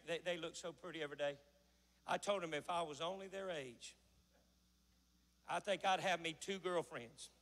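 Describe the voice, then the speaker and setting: A male pastor, preaching a folksy sermon in a church that builds to a shout. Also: sits high, in a large hall. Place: church sanctuary.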